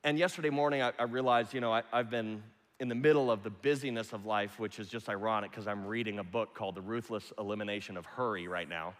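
A man preaching a sermon, with loud rising appeals that drop to hushed, almost whispered lines. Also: on the low side, fast talker, few pauses. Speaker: pastor. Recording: long reverb of a large hall.

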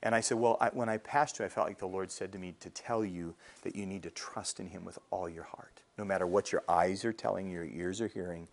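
A man's voice: deep voice, fairly even intonation, a little fast, creaky, few pauses. A middle-aged male pastor preaching a sermon in a conversational way, often checking in with the congregation. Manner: conversational preaching with frequent "all right?" check-ins.

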